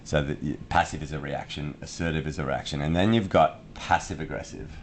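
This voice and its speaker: A man's voice: extremely low pitch, brisk, slight background noise. A man co-hosting a podcast, explaining ideas in casual chat with everyday examples and frequent restarts. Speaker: podcast co-host.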